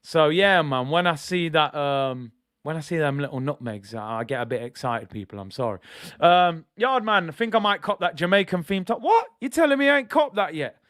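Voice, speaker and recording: Young man, football watch-along host, excitable, high voice, dry sound. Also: normal speed, dry recording. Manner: excitable, banters with chat, shouts at big moments. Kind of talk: live match reaction chat.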